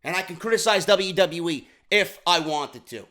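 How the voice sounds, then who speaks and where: A vlog host delivers a profane rant. His voice sits very high and sounds bright and edgy. He swings from shouted outbursts down to low, grumbling asides. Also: normal speed. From New York. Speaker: YouTube show host. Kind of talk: ranting commentary vlog.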